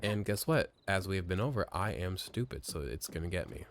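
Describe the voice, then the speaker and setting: A low-voiced, creaky let's play streamer talks briskly and animatedly into a home desk mic, with a little hiss or hum. His gameplay commentary is casual, rambling, and profane, full of self-mockery, mutters, and sudden exclamations.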